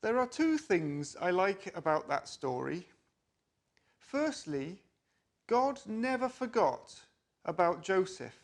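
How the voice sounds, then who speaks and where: Slow, lively-voiced leader praying with children. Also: medium pitch. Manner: slow, gentle, deliberate. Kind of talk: reflection and prayer for children.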